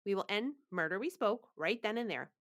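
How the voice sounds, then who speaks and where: A woman's voice: medium pitch, animated, fairly quick, fairly bright tone. A woman co-hosting a theatre podcast, chatting breezily and narrating a story. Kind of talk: casual chat and story narration.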